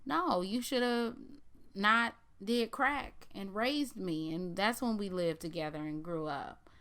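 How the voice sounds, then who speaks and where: A woman's voice: mid-range voice, slow, fairly bright tone. A woman recapping a TV episode casually, with blunt, sarcastic running commentary. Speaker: TV recap vlogger.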